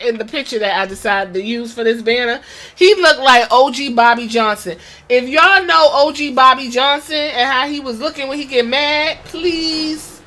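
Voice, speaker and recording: A woman hosting a podcast, recapping a wrestling show in casual, profane, animated storytelling with quoted impressions. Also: on the high side. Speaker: podcast host.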